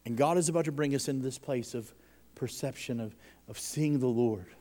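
A man preaching a sermon to a congregation, fervent, and his voice rises loud when he quotes others. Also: medium pitch, brisk.

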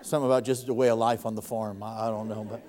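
A man preaching a sermon to a congregation, fervent, and his voice rises loud when he quotes others. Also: fairly low pitch, flat delivery, racing, some chatter behind.

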